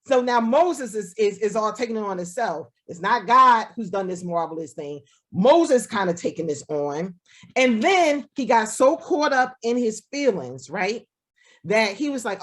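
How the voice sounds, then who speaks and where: A woman's voice: on the high side, animated, moderate pace. A woman pastor giving a sermon over a video call, talking in a conversational way, often checking in with "right?" and acting out the voices she quotes. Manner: conversational preaching, keeps asking "right?".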